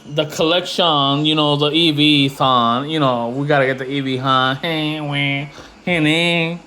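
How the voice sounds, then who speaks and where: A man ranting casually to camera in slangy, profane talk, getting louder when he is indignant. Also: on the high side, unhurried, slight background noise, low-quality recording. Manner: slangy, animated, swears freely; rising loud when indignant. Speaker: investing vlogger.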